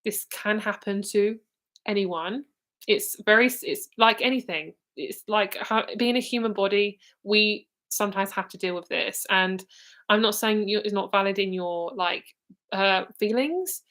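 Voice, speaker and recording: A woman in her twenties with a British accent speaks directly to one listener during a live psychic reading. Her talk is casual and rambling, full of fillers, restarts and swearing. Her voice sits at an ordinary pitch for a woman. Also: unhurried, a bit bright. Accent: British English. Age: 20s. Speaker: psychic reader.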